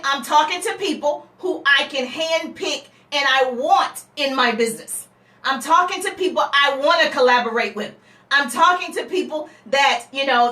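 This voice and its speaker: High bright-voiced woman coaching a room. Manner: energetic, acts out scripted dialogue, teasing asides. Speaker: business coach. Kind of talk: live networking seminar. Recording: echoey room, mic at a distance.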